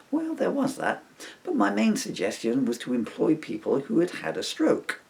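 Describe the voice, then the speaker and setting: A middle-aged man reading his own comic story aloud with wry, deadpan humour. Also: sits high, moderate pace, gravelly. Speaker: author reading his book.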